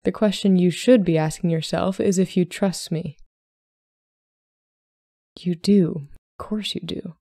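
A woman reading as a plain-spoken young gentleman suitor who talks in a calm, matter-of-fact way. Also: high voice, measured pace, vocal fry, pauses often, dry recording, studio quality, heavily acted. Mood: steady.

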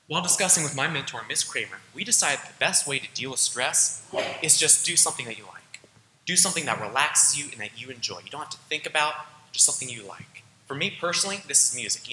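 A man's voice: mid-range voice, sharp tone, roomy sound, long reverb tail, slight background noise, rough recording. A teenage boy giving an earnest, casual school presentation and talking straight to his audience. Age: teens. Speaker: student presenter. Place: school auditorium.

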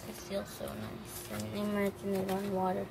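A woman narrating a toy doll shopping game in a chatty, halting way with plenty of fillers, on a noisy home recording. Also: mid-range voice, very animated. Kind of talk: playful toy role-play narration.

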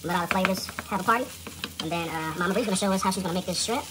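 This casual cooking demo comes from a man with a high-pitched, racing voice, recorded against a noisy background. Hosting from his own kitchen, he keeps things relaxed and jokey, talking directly to the people watching.

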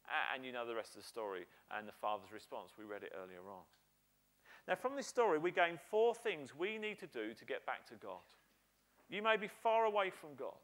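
A British man preaching a sermon, animated and storytelling, slowing down to act out the quoted voices he tells of. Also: medium pitch. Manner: animated preaching, acting out quoted voices with slowed emphatic lines. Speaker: pastor.

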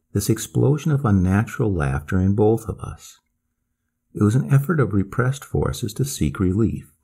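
Deep gravelly male storyteller. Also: dark tone. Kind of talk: scripted bedtime story narration.

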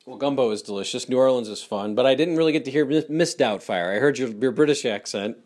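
A man's voice: mid-range voice, quick pace, a little mellow. A man hosting a casual interview, speaking hesitantly with frequent stammers and restarts. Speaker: interview host.

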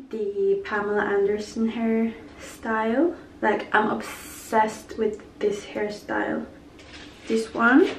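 A woman's voice: on the high side, distant mic, slight background noise. Chatty young woman, roomy camera sound. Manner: chatty, gushing, self-mocking, breaks into whispers. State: sick with a cold. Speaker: vlogger. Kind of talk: casual vlog chat. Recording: roomy echo, camera set back.

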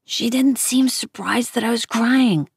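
A woman reading a novel aloud in an unhurried, even storytelling manner. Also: on the high side, creaky, slightly rough, dry recording, studio quality. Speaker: reader.

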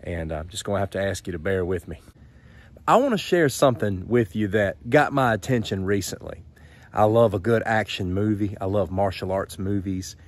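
A man with a Southern drawl talks in a relaxed, folksy way, speaking straight to his viewers. His voice sits a little low. He chats like he's sharing with friends. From Southern United States. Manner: folksy and chatty, addresses viewers directly. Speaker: knife reviewer. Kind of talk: casual product review vlog.

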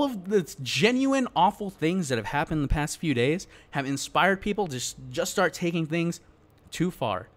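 A man's voice: fairly high pitch, big pitch swings, moderate pace. A man ranting in a worked-up, exasperated way in casual, slangy gaming commentary, talking straight to his viewers. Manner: casual slangy address to the audience. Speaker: gaming YouTuber.

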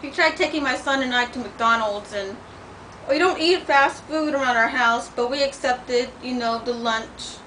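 A high-pitched middle-aged woman rants in a home vlog, blunt and heavy on the swearing, sounding sore and worn. She sits back from the mic, and a faint hiss runs under her voice. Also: moderate pace, bright, forceful tone. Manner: blunt, profane, heated storytelling. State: sore and in pain, limping. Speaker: vlogger. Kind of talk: venting vlog rant. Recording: distant mic with faint noise.

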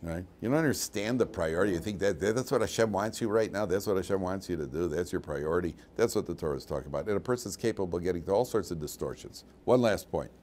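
Low-voiced and fast, barely pausing, an older rabbi runs an informal Torah session. It's animated and digressive, packed with restarts, side comments, and dry, mocking humor.

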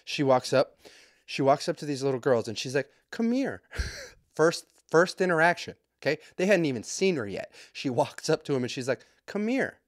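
A man hosting a podcast, telling a comedic story in a profane, rambling, joking way with quick asides. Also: mid-range voice, expressive, no echo, studio quality. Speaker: podcast host.

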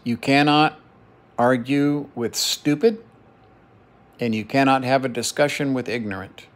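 A man's voice: mid-range voice, steady tone, unhurried. Profane, heated middle-aged man venting. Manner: heated, profane, repeats phrases for emphasis. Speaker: vlogger. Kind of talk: emotional personal monologue.

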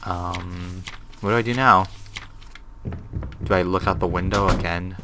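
A man's voice: low-pitched, fairly even intonation, a little slow, background noise. A young man hosting a gaming video. He reads a horror game's text aloud and reacts with nervous swearing. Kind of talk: horror game commentary and reading game text aloud.

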